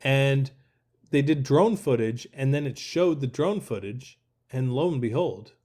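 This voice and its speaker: Rambling podcast co-host, mid-pitched man. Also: lively intonation, unhurried, darkish tone. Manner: rambling, hesitant, many ums and restarts. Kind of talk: casual chat.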